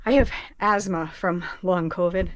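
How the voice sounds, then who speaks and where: A woman from New England on her boat, out of breath, chatting in a casual, rambling vlog style. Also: fairly low pitch. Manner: chatty, laughing, slow and rambling. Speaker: boat vlogger. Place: on a boat, below deck.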